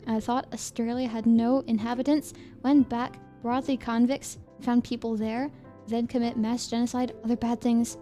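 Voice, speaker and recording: Giggly high-voiced streamer woman. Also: flat delivery, dark tone, faint music behind. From United States. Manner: giggly, rambling, quick asides. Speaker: VTuber streamer. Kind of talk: casual chat reading viewer comments.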